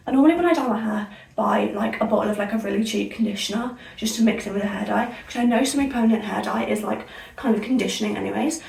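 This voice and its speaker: A woman's voice: a little high, gravelly, a little mellow, distant mic. A young woman from England, chatting in a rambling, self-correcting way while she dyes her hair for a vlog. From Somerset, England. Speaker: vlogger. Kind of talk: casual hair-dye vlog chat. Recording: echoey room, off-mic.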